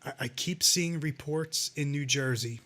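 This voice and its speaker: Guy on a call-in show ranting about stuff, cusses a lot, kinda high voice. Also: measured pace, fairly bright tone. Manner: ranting, sarcastic, swears a lot. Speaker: podcast co-host. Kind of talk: casual profane chat.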